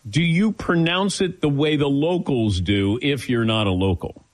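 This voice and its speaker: A man's voice: mid-range voice, a little slow. A man hosting a sports radio talk show, joking with his crew between segments. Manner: lively, joking, sets up segments.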